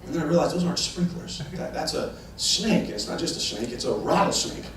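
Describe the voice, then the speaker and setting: A man in his thirties doing a stand-up comedy set, telling a story with lively energy and acting out voices. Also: on the high side, fairly quick, a crowd in the background. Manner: animated storytelling, acts out voices and rising excitement. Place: large church hall with a live audience. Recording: echoey hall from far off, audience laughter.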